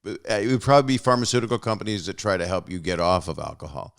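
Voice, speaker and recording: A man with a deep, smooth, resonant voice hosts a loose podcast chat. He jokes wryly and lets sentences trail off. The sound is close and dry, with no room around it. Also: expressive, very fast, fairly bright tone, no echo. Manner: joking, wry, trails off often. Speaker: podcast host. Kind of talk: casual chat.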